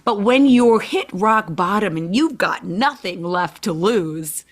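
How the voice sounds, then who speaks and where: A woman with a Chicago accent, a guest in an interview, telling stories in an animated way and acting out quoted dialogue with a lot of "like". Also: mid-range voice, takes it slowly. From Chicago, USA. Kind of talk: conversational storytelling.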